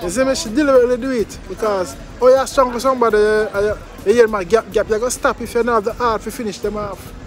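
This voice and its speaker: A Jamaican man delivers a commentary vlog in an emphatic, repetitive patois-laced style. His voice sits high. Music plays clearly behind him. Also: steady tone, fast, few pauses. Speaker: vlogger.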